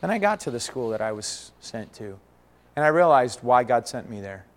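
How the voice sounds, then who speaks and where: A man preaching a sermon, earnest, with big swings between loud and quiet. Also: mid-range voice, sing-song, moderate pace. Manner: earnest, rises and falls dramatically. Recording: long hall reverb.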